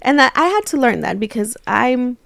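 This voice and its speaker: A woman in her thirties, co-hosting a casual chat, animated as she acts out her own thoughts. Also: fairly high pitch, normal speed, creaky, dry recording. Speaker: co-host.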